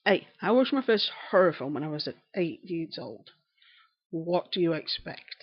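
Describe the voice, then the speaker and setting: A woman's voice: on the low side, sing-song, moderate pace, husky. A woman from York with a Yorkshire accent, chatting casually on a live stream while knitting and answering viewers' comments. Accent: Northern English, Yorkshire. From England. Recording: slightly dull lo-fi stream audio.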